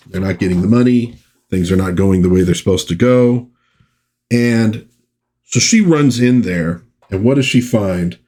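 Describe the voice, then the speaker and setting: A middle-aged man talks through an old comic book in a relaxed, casual way. His voice sits a little low. He reads the panels aloud now and then and gives the characters playful voices.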